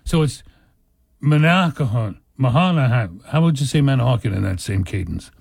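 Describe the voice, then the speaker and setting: A man's voice: mid-range voice, expressive, moderate pace, gravelly, darkish tone, breathy edge, dry recording. An easygoing man from New Jersey co-hosts a casual talk radio show, explaining local history in a knowledgeable way. His mid-range voice is close and dry on the studio mic. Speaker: radio co-host.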